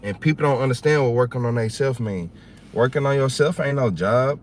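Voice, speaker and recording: A man with a Southern US accent hosting a livestream, chatting casually in a rambling, animated, slangy way. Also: medium pitch, fairly quick, slight background noise. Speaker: livestream host.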